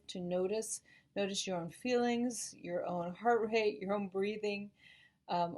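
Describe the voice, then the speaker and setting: Casting: woman school psychologist, calm explanatory parent talk. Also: mid-range voice. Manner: calm, explanatory, models gentle phrases to say to children.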